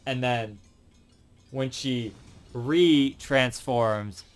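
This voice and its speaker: Brief: male reviewer, casual and halting, rambling through a recap. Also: medium pitch. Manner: rambling, halting, with many fillers and restarts.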